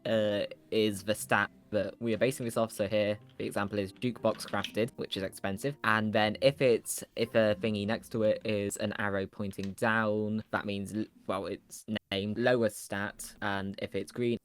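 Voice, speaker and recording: A man's voice: lowish voice, flat delivery, normal speed, few pauses. A man patiently explaining the rules of a game in casual gaming chat.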